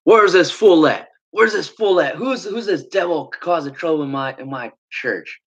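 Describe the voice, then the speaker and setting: A man's voice: on the high side, normal speed, a bit bright, voice pushed up. A huffing, furious church leader bellows at his staff in a raised, strained voice, as a man puts him on while telling a story. He barks orders and accusations on a dull, lo-fi recording. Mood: enraged. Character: angry shouting male church leader.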